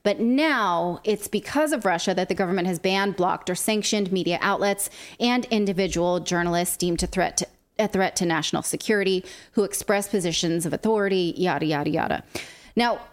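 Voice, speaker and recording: A woman's voice: mid-range voice, a little fast. A woman co-hosting a political commentary show, reading from a report with a sarcastic edge. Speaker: co-host.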